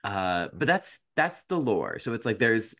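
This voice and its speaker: A man's voice: lowish voice, big pitch swings, unhurried, a bit bright, dry recording. A man co-hosting a podcast in casual chat, rambling along with lots of fillers and restarts. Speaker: podcast co-host.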